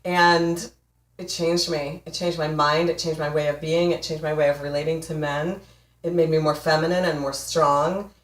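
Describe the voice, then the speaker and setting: A woman's voice: sits low, flat delivery, normal speed, recorded from a distance. A woman in her forties, a relationship coach giving an emphatic, playful motivational talk to camera. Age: 40s. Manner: emphatic, playful, laughs often. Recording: echoey room, voice off mic.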